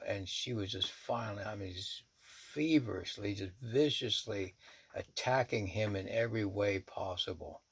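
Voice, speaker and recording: A man, a shaman, telling a personal story in a blunt, profane, animated way. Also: lowish voice, gravelly.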